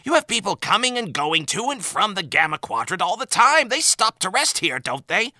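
A man voicing an exasperated male admiral who rants in a rising, high-pitched voice. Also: normal speed, creaky, sharp tone, no room sound, heavily acted. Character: exasperated male admiral ranting about vacation.

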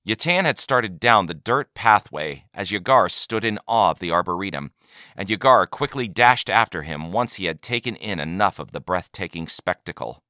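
Male narrator, deep, lively, dry booth sound. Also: moderate pace, dry recording. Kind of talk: reading a sci-fi story aloud.

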